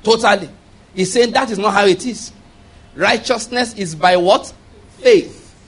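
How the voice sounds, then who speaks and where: In a high, fairly bright voice with a breathy edge, a man delivers a sermon at a moderate pace. His preaching is emphatic and call-and-response, with repeated key phrases and questions thrown to the congregation to drive points home.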